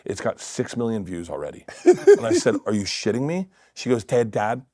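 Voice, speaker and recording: A middle-aged man telling stories in a casual podcast chat, laughing often and dropping to quiet mutters. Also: lowish voice, huge pitch swings, fairly quick, no room sound, clean studio sound. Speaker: comedian guest. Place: podcast studio.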